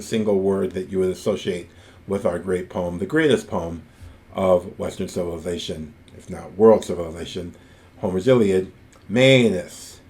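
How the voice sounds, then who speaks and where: A man giving a recorded ancient Greek grammar lecture, reciting word forms slowly and deliberately, with enthusiastic asides. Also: low-pitched, a little mellow. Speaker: Greek teacher.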